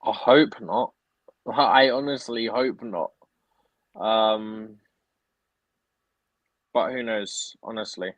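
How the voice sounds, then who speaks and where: A man's voice: on the low side, steady tone, extremely slow, long pauses, no room sound, rough recording. Easygoing man in dry close sound. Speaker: co-host. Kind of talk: casual live-stream chat.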